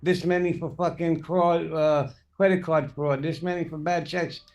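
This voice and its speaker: A man's voice: fairly high pitch, little pitch movement, moderate pace, a little mellow, lo-fi sound, a little hiss or hum. A man hosting a casual livestream chat, swearing freely and laughing as he tells stories. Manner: profane, laughing storyteller. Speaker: podcast host.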